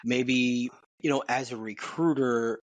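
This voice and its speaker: A man co-hosting a podcast from his home office, talking in an animated, casual way with repeats and swearing. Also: mid-range voice, takes it slowly. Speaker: podcast co-host. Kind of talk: casual chat.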